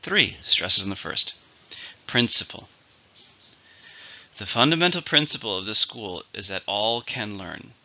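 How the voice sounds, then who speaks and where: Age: adult. Sex: man. Role: English teacher. Style: vocabulary lesson. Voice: bright, lively, lowish, on a dull lo-fi recording. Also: normal speed, hardly any pauses. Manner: methodical, spells out syllables and stress.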